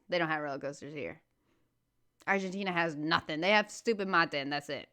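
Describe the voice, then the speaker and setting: A woman's voice: lowish voice, normal speed, a bit bright, slight background noise. An American woman hosting a reaction video, chatting casually and bluntly, ranting with lots of "freaking". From United States. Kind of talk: casual chat.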